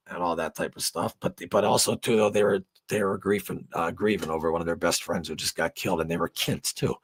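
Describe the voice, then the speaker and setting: A man's voice: low-pitched, fairly even intonation, brisk, hardly any pauses, fairly bright tone, slightly rough. A middle-aged man hosting a livestream, chatting loosely with viewers, rambling with lots of fillers and swearing freely. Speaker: livestream host. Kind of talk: casual livestream chat with viewers.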